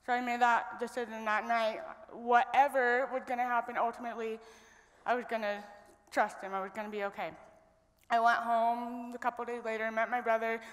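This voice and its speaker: A woman's voice: on the high side, level tone, a little fast. A young woman from Idaho telling an earnest, reflective personal story as a guest speaker on stage. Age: young adult. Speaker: guest speaker at a women's event. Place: stage in a large hall. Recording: long reverb of a large hall.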